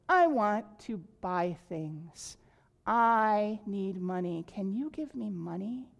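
A woman's voice: medium pitch, animated, takes it slowly, creaky. A woman reading aloud and voicing a boy in a storybook who keeps asking for things, plain and matter-of-fact. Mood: wanting. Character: boy growing from child to tired old man.

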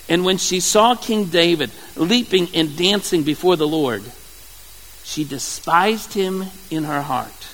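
A male preacher with a high voice delivers a sermon in a conversational manner. He often stumbles and repeats words. His voice carries a long hall reverb. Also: animated, slow pace, a bit bright, a little hiss or hum. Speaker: pastor.

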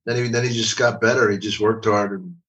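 A man's voice: fairly low pitch, fairly even intonation, brisk, fairly bright tone, highs cut off. Older man, rambling profane storyteller, sits back from the mic. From Philadelphia. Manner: rambling, repeats words, profane. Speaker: guest comedian. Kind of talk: casual storytelling. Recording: voice from a distance.

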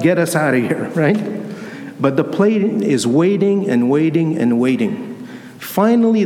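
A fairly high-voiced man preaches a homily, telling his story like a conversation and voicing the people in it. He sounds echoey under a long church reverb, with faint ambience behind him. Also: darkish tone, slight background noise. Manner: conversational storytelling, acts out dialogue. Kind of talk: sermon with personal story.

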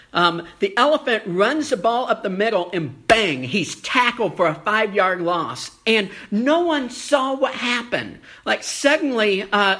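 A preacher giving a sermon, telling a folksy story with lots of ums and uhs and slowing down for emphasis. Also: mid-range voice, sharp tone. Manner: folksy storytelling with many fillers; slows down for emphasis.

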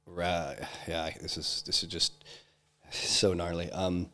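A man being interviewed, telling a personal story in a halting way, full of restarts and fillers. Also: low voice, completely flat delivery, sharp tone. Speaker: interview guest, entrepreneur.

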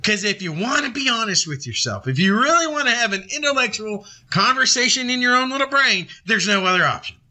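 A male preacher with a high, very forceful, sharp-edged voice. He talks to his listeners in a direct, conversational way and reads Bible passages aloud between his points. His delivery stays emphatic throughout. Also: big pitch swings, fairly quick, few pauses. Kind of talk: sermon.

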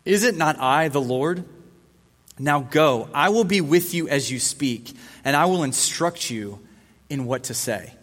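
A man's voice: fairly high pitch, expressive, unhurried, fairly bright tone. A man giving a casual, conversational sermon as a youth pastor, acting out the dialogue as he goes. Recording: long hall reverb.

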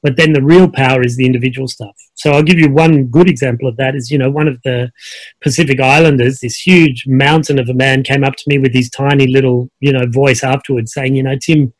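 On a video call with no room sound, a middle-aged guest coach with an Australian accent speaks a little fast at medium pitch. He chats casually as a relaxed storyteller, dropping in plenty of fillers.

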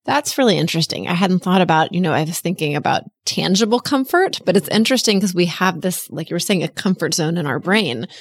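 Reflective woman, lowish voice. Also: expressive, fast talker, hardly any pauses, no echo, studio quality. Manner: reflective, sums up others' points. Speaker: podcast co-host, therapist. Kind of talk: casual chat.

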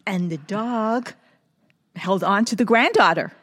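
A woman's voice: medium pitch, unhurried, a bit bright. A woman co-hosting a children's podcast, telling a story in turns with playful chiming in. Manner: playful, chiming in, sing-song. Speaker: podcast co-host.

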